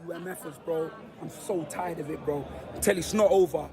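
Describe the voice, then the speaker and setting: Hoarse london lad yelling slang at his phone outside the stadium, voice high, crowd going mad around him. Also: moderate pace. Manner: loud, boastful street-slang banter. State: hoarse, voice nearly gone. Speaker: vlogger, football fan. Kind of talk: excited fan vlog to camera. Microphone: handheld phone camera. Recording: noisy crowded street. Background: crowd of fans.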